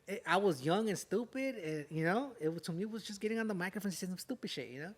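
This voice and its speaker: A man's voice: high voice, lively intonation, fast talker. A young man from Southern California telling a story on a podcast in casual, profane street slang. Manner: profane, streetwise slang, tag words "way" and "fool". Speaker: podcast guest, rapper.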